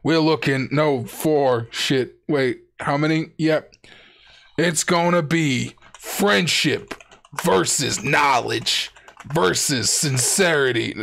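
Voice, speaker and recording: A young man hosting a live stream, chatting casually and cracking jokes between votes. His speaking voice sits a touch high, and he talks in a loose, chatty way. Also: takes it slowly, creaky, fairly bright tone. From Wales. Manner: chatty, jokey, reads chat aloud.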